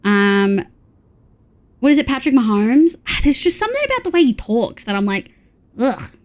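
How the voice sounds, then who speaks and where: A woman's voice: on the high side, sing-song, moderate pace, a little mellow. Chatty woman streaming live. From Australia. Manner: chatty, reads chat aloud, frequent laughs. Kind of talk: casual live-stream chat.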